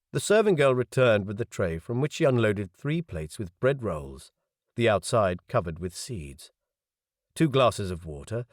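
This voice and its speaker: A man's voice: on the low side, no echo. A man narrating a novel in the first person, with wry, dry asides. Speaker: audiobook narrator.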